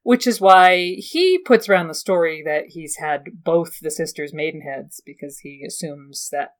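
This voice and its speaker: A woman's voice: deep voice, expressive, moderate pace. A woman co-hosting a podcast, explaining a point in a thoughtful, casual way. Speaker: podcast co-host. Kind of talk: casual chat.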